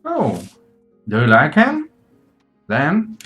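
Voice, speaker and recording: A man's voice: on the high side, wildly swooping pitch, drawn-out words, a bit bright, faint music behind, exaggerated voice. A man voicing a roguish, secretive uncle in a tabletop game, speaking in a teasing, offhand way.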